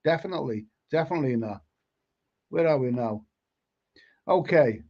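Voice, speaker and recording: A man's voice: medium pitch, animated, moderate pace. A man hosting a live stream, chatting casually and reading out viewer comments, often stumbling and repeating words. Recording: lo-fi stream audio.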